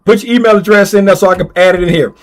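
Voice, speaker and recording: A man's voice: high-pitched, racing. A man hosting a casual livestream giveaway, playfully reading viewer names aloud and repeating himself as he types them in. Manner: playful, teasing. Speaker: livestream host running a giveaway.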